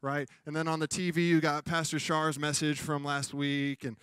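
A man's voice: a little high, level tone, moderate pace, a bit bright, clean tone, dry recording, studio quality. A man preaching a sermon as pastor in a church, talking conversationally and acting out funny exchanges. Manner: conversational preaching with comic acted-out quotes.

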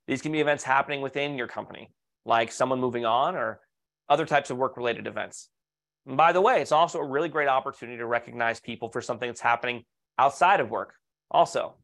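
A man presenting a leadership webinar in an upbeat, persuasive way, at an ordinary middle pitch. He speaks straight to his audience, asking rhetorical questions and sharing client stories. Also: fairly bright tone. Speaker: leadership coach presenting to architects.

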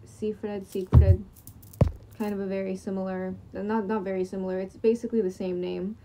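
A young woman vlogger rambles through a sleep-deprived late-night monologue in her room at home, captured by screen recording on her computer. Her medium-pitched voice is flat and fast, with many fillers, restarts and casual swearing, over very noisy audio.

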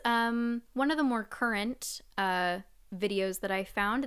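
A woman's voice: medium pitch, a bit bright, clean tone. A young adult woman vocal coach, chatting through a live-streamed singing lesson and singing short phrases to demonstrate.

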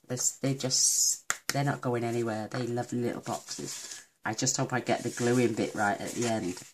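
A woman from the UK talks viewers through a card box tutorial in a relaxed, affectionate way. Her voice sits very low. Clicks and rustling paper carry under a noisy recording. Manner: chatty and affectionate, talks while working. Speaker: craft demonstrator. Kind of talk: casual crafting tutorial.

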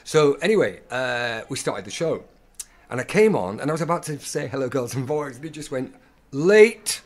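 An actor, guesting on a podcast, tells stories in a relaxed interview and acts out each line of dialogue as he goes. His voice is medium in pitch and he talks a little fast, an animated storyteller throughout.

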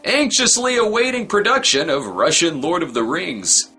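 A man's voice: a little high, sing-song, moderate pace, sharp tone, breathy edge. A man giving sarcastic, wisecracking comedic commentary on a movie he is reviewing. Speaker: film review host.

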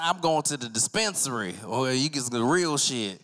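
A man doing a stand-up comedy set at an arts center comedy night, telling profane stories and acting out other people with sudden jumps up in pitch. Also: a little fast, hardly any pauses. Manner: acts out other people in his stories, voice jumping high with excitement; profane, loose storytelling. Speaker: stand-up comic.

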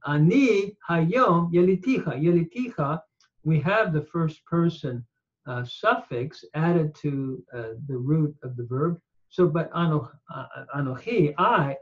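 A man teaching a grammar lesson at a measured pace, pausing often with "uh" while he recites and explains quoted lines. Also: a little high. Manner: measured, pausing, frequent "uh" fillers. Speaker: teacher of ancient languages. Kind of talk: slow lecture with recited quotations. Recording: dull lo-fi audio.

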